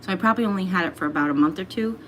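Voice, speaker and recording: A woman's voice: mid-range voice, very fast, slight background noise. A woman hosting a casual livestream from home, reading out viewer comments and laughing often as she chats. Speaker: livestream host.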